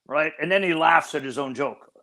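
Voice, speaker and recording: A man's voice: on the high side, normal speed, bright, forceful tone. An older man answering as an interview guest, earnest and explanatory with a slightly academic manner, over remote call audio. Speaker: guest expert.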